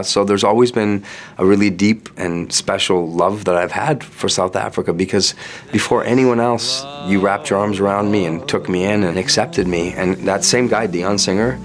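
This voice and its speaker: A male singer talking in a casual interview, chatty and playful, with quick restarts. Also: fairly low pitch. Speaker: singer guest.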